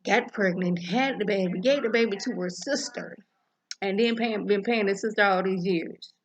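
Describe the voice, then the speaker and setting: A woman giving a casual, animated recap of a TV episode, acting out the characters' lines as she goes. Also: mid-range voice, moderate pace, slight background noise. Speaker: TV episode reviewer.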